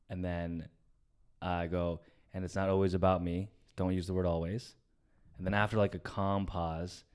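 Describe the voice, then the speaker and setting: A young adult man co-hosting a comedy podcast, telling a family story in casual chat, swearing often and trailing off softly. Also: low-pitched, fairly even intonation, moderate pace. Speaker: podcast co-host.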